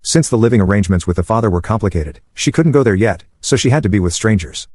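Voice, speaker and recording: Narrator: man, lowish voice, steady even read, dry close sound. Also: fast talker, dry recording. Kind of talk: scripted storytime narration.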